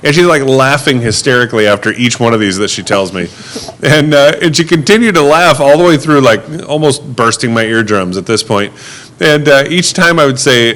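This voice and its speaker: Speaking fairly quickly in a medium-pitched, fairly bright voice, this podcast guest recounts his experiences driving rideshare. His manner is easygoing and chatty, and he mimics the passengers he describes.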